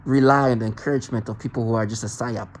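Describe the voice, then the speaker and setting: A man speaking to the camera in an agitated monologue, halting and repeating words as he restarts sentences. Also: medium pitch, steady tone, low-quality recording. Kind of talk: self-recorded monologue rant.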